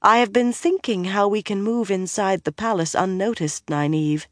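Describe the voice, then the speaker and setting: A proper young noblewoman speaks in a raised, formal voice, as an audiobook narrator puts her on. She is measured and lightly lecturing, and the audiobook reading sounds dry and close. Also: medium pitch, no room sound, pitched above the performer's own voice, lightly acted. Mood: composed.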